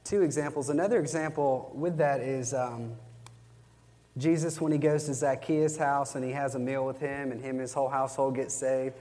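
A man's voice: medium pitch, fairly even intonation, normal speed, dark tone, big-room sound. A man teaching a church class on evangelism, telling Bible stories conversationally and acting out the quotes. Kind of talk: teaching a class from worksheet notes.

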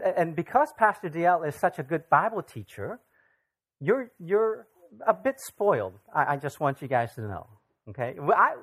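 A visiting Bible teacher leading a casual church study, speaking haltingly with frequent fillers and often checking in with the group. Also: medium pitch. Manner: halting, many fillers, keeps checking in with "okay?". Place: church gathering.

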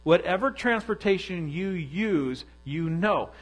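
Man preaching a personal story, higher voice. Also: expressive, slow pace, low-quality recording. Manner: candid, self-deprecating storytelling. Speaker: pastor. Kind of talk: sermon storytelling.

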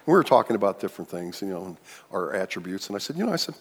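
A man preaching a sermon as pastor in a church, animated and joking with the congregation. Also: low voice, racing, husky. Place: church sanctuary. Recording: long church-hall reverb.

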